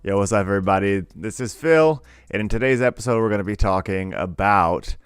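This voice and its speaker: A man's voice: lowish voice, brisk, smooth, dry recording. A young man co-hosting a casual podcast, talking in a rambling, conversational way full of fillers. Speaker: podcast co-host. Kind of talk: casual chat.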